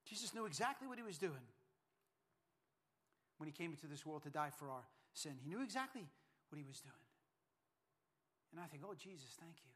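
A pastor preaching a sermon, emphatic and repetitive, swinging from hushed lines to loud ones. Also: male voice, on the high side, sing-song, brisk, pauses often.

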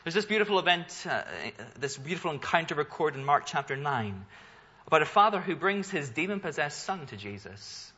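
A male pastor preaching a sermon in an earnest, emphatic way, his slightly husky voice bright and forceful. He asks rhetorical questions and lets his delivery swell. The recording sounds a little dull and lo-fi. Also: on the high side, lively intonation, brisk.

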